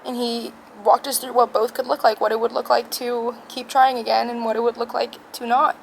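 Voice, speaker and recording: A young woman with a slightly high voice that often drops into vocal fry. She tells a personal story slowly and haltingly, stopping often and close to tears. Faint background noise runs under her voice. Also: level tone, low-quality recording. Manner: soft, halting, emotional. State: tearful. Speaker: vlogger. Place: alone in a quiet room.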